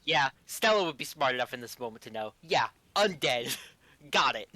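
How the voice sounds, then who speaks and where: A man's voice: mid-range voice, expressive, moderate pace, bright, forceful tone. A man playing a tabletop game, chatting and laughing about his character. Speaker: player. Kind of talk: casual tabletop banter.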